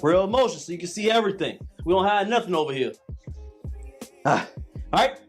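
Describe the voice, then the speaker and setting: A man's voice: high voice, expressive, fairly quick, pauses often, soft background music. A man in his late thirties coaching a live calisthenics workout, repeating cues and preaching about hard work. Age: late 30s. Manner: preachy, repetitive motivational cues.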